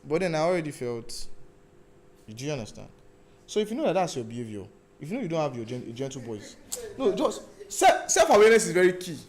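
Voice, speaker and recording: Animated man. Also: on the high side, fast talker. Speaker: speaker. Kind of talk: live talk on stage.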